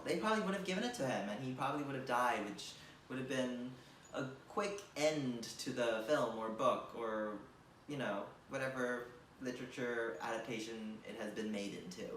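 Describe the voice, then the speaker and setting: A man of middle pitch tells a comic monologue in a rambling, filler-heavy way, gushing with mock enthusiasm. He sits back from the mic in a reverberant room with a faint hum of ambience behind him. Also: normal speed, fairly bright tone, recorded from a distance. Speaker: comedian. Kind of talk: comedic monologue.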